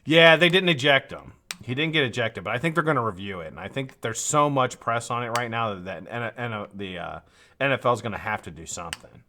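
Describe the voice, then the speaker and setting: A man's voice: mid-range voice, expressive, brisk, pushed and bright. A tired, yawning man hosting a live stream, rambling casually with frequent swearing and laughter.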